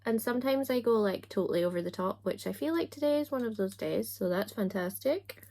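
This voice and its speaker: A young woman, a book vlogger with a medium-pitched voice, talks to her camera while putting on makeup. Her chatter is relaxed and self-mocking, packed with quick asides and jokes about herself.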